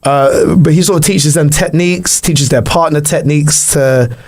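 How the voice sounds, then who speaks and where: Guy on a podcast, kinda high voice, rambly and crude, laughs a lot. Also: normal speed, darkish tone, soft background music. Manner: rambling, crude, jokey storytelling. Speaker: podcast co-host. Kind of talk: casual chat.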